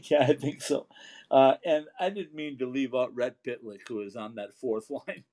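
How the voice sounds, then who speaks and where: A man's voice: medium pitch, expressive, normal speed, warm tone. A man co-hosting a casual hockey talk show, chatty and laughing as he tells stories. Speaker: hockey broadcaster, co-host.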